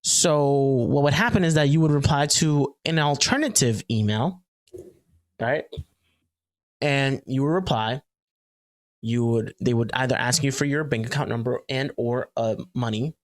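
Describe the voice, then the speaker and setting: Man, podcast co-host, casual banter, fillers and restarts, middle pitch, dry close sound. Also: measured pace, no room sound. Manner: chatty and joking, with frequent fillers and restarts. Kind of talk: casual chat.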